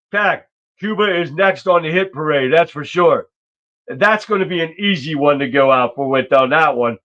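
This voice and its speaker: A man's voice: on the high side, fairly bright tone. A man hosting a political livestream show, talking in a blunt, rambling, profane way. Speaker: livestream talk show host. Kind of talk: casual political commentary. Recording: dull lo-fi stream audio.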